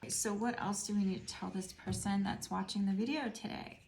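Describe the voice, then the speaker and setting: A woman's voice: medium pitch, steady tone, brisk, a little mellow, slight background noise. A middle-aged woman giving a casual tarot reading, musing and rambling as she speaks to the viewer. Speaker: tarot reader. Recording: roomy echo.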